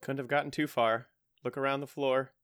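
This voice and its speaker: A co-host chats casually with friends on a podcast and tosses in easy jokes. The delivery is relaxed. The sound is dry and close. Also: mid-range voice, fairly quick, clean tone, no echo. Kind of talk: casual chat.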